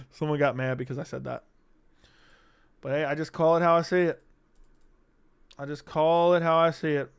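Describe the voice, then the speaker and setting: Young male streamer, slightly raised pitch and clean tone, loose, salty chat reading viewer comments. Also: clear, resonant tone, no room sound, clean studio sound. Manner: casual, profane, reads chat comments aloud. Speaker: livestream host. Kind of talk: casual live-stream chat.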